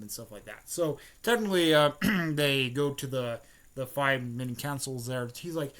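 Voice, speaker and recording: A man casually retelling a fan-made story, rambling, with many fillers and frequent throat-clearing. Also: medium pitch, moderate pace, a bit bright.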